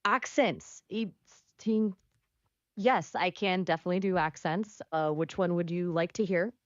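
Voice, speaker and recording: A synthetic woman's voice of an AI chat companion, replying in a polite, measured, slightly formal way. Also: on the low side, dry recording. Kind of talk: conversational AI reply. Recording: dull, lo-fi sound.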